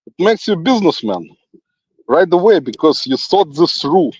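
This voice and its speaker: Speaking slowly with long pauses, a man with a fairly high, sing-song, somewhat mellow and husky voice wanders through a forest on a livestream. He has a non-native English accent and keeps up a rambling, teasing monologue, frequently chuckling and addressing a critic who isn't present. His phone audio is dull and lo-fi, with no echo.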